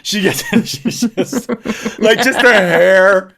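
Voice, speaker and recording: A man in his thirties telling a story in a casual podcast chat, full of fillers and loud acted-out quotes. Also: high voice, slow pace, vocal fry. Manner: animated storytelling with frequent filler likes, shouting quoted lines. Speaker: podcast co-host.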